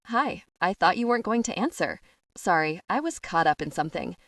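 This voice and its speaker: A woman's voice: on the low side, big pitch swings, fairly quick, a bit bright, no room sound, studio quality. A woman voicing a prickly, guarded teenage vampire girl in an audiobook, curt and defensive. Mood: snappish.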